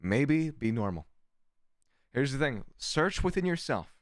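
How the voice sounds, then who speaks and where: A man's voice: medium pitch, big pitch swings, unhurried, no room sound, studio quality. A man streamer giving sarcastic, profane commentary while reading chat aloud. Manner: sarcastic, swears often, reads chat aloud. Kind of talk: casual livestream commentary.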